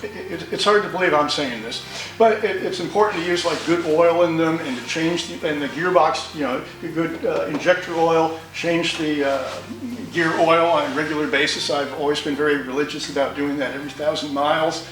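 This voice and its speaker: A man's voice: fairly high pitch, fairly even intonation, normal speed, reverberant, far from the mic, music in the background, low-quality recording. An older man from New York telling stories about his motorcycle in a rambling, folksy way with many restarts. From New York, USA. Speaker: interviewee, motorcycle owner. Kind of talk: storytelling interview.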